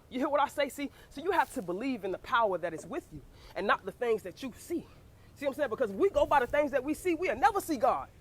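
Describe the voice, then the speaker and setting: A woman's voice: mid-range voice, slight background noise. A young woman giving a fervent preaching testimony, repeating phrases and calling out to her listeners again and again. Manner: fervent, repeats phrases and calls "you hear what I say?" to listeners. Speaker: speaker giving a personal testimony.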